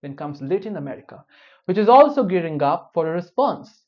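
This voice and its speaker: A man's voice: sits high, very animated, a little fast. A man giving news commentary, dropping wry, opinionated personal asides between the reports. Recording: dull lo-fi recording.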